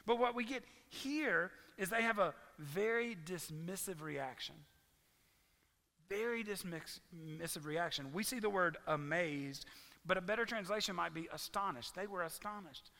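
Bright gravelly preacher in a hall. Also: male voice, a little high. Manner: animated storytelling preacher, voices the crowd's lines. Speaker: pastor. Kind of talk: sermon. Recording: long reverb of a large hall.

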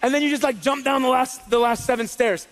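Male pastor, thirties, casual animated sermon, high voice, long hall reverb. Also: a little fast, faint music behind. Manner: animated and chatty, with frequent rhetorical questions.

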